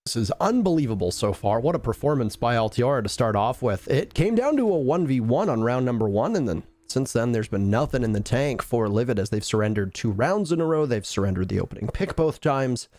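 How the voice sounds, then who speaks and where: A man's voice: mid-range voice, animated, brisk, few pauses, a little mellow, dry recording. A man doing color commentary on an esports match, breaking down play in an emphatic, analytical way.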